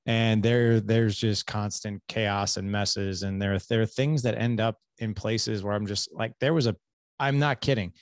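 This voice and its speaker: A man's voice: on the low side, fairly even intonation, a little slow, no room sound, clean studio sound. A man in his forties hosting a podcast interview, telling a candid, self-deprecating story from home life. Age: 40s. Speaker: podcast host.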